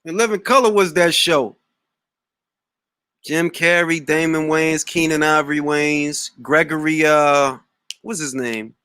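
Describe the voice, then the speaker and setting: A man's voice: a little high, fairly even intonation, unhurried, sharp tone, clean tone, no echo, studio quality. A man hosting a boxing talk stream, casual, profane and jumping between topics. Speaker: boxing talk show host. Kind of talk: casual livestream chat.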